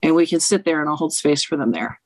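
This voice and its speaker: A frank, no-nonsense woman talks about reading tarot in relaxed conversation. She is blunt and swears without hesitation. The sound is dry and close. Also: low-pitched, fast talker, dry recording, poor audio. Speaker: tarot reader and author. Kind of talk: casual conversation, interview guest.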